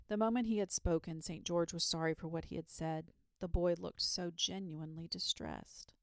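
A woman reading a children's story aloud in a calm, unhurried bedtime manner. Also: fairly low pitch, no room sound.

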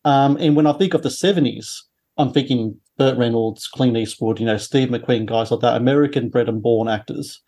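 A man's voice: mid-range voice, moderate pace, warm tone. A man hosting a podcast, asking long, rambling questions full of restarts and fillers. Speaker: podcast host. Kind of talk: interview questions.

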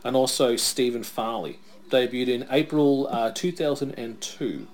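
A man's voice: mid-range voice, unhurried. A man co-hosting a casual wrestling watch-along, chatting and reading out wrestler facts. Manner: chatty, reads out wrestler facts, tells stories. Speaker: podcast co-host.

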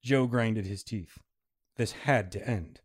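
A man's voice: fairly low pitch, slow. A man reading a story aloud with dramatic narration. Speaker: story reader.

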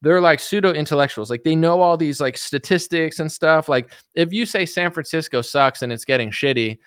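Rambling young man with a smooth voice. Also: fairly high pitch, fairly quick, no room sound, studio quality. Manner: rambling, many fillers, mimics others mockingly. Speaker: political commentary streamer. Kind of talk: casual livestream chat.

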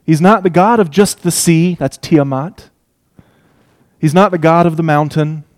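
A man preaching an expository sermon, emphatic, swinging between loud declarations and hushed asides. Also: a little high, measured pace.

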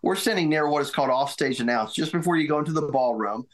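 A middle-aged man, a former military aide, recounting memories in a casual interview, halting and restarting often. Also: fairly high pitch. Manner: halting, many restarts and repeated words. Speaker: guest, former White House military aide.

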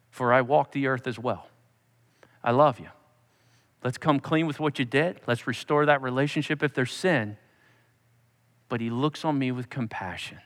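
A male pastor preaching a sermon, emphatic, dropping to a soft, intimate tone when he voices God speaking. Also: medium pitch, in a large hall.

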